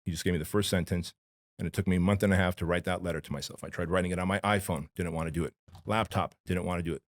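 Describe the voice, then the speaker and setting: A very low-voiced man from Armenia talks as a podcast guest, candid and emphatic, with blunt slang. His voice is close and dry on a studio mic, with no room sound. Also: steady tone, rapid-fire, dry recording. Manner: emphatic, blunt and slangy, addressing the host as dude and bro. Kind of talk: candid personal storytelling in a podcast interview.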